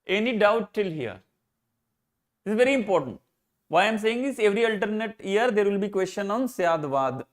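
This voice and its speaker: Indian English male lecturer, fairly high-pitched, explains by questioning aloud and restating key points. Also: big pitch swings, normal speed. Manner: explains by posing rhetorical questions and answering them; repeats and rephrases key points, slips into Hindi. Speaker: philosophy teacher. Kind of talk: live exam-prep lecture.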